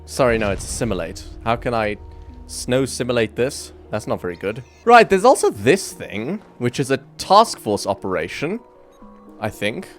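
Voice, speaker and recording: A man's voice: mid-range voice, huge pitch swings, normal speed, faint music behind. Wry man commenting on gameplay. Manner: wry, self-mocking, chuckling. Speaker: gaming YouTuber.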